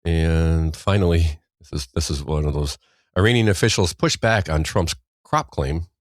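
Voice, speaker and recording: A deep-voiced man hosts a casual news podcast, wandering through stories with a wry, offhand humor. He often trails off mid-sentence. His voice sits close to a dry, dead mic. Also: normal speed, no echo. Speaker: podcast host.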